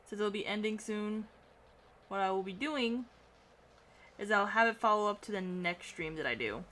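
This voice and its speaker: A woman's voice: medium pitch, normal speed, fairly bright tone. A young adult woman streaming, chatting casually while she draws, trailing off as she works.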